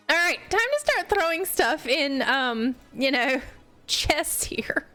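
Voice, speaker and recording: A woman's voice: sits high, big pitch swings, a little slow, bright, forceful tone, faint music behind. A young woman streaming a building game live, chatting casually to her viewers and laughing often at her own mishaps. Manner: giggly, self-mocking, laughs often. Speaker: Minecraft streamer. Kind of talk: casual live gameplay chat.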